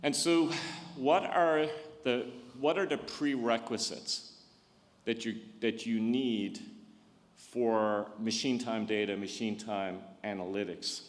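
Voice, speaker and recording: A man's voice: medium pitch, takes it slowly. A man giving a conference talk in a hall, often restarting and repeating words as he thinks aloud. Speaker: conference speaker.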